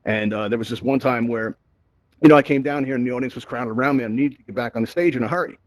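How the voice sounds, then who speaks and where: A man's voice: mid-range voice, fast talker, no room sound, low-quality recording. A man hosting a live virtual-reality tutorial, chatty and upbeat, who keeps asking "right?" into a headset mic. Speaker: VR event host.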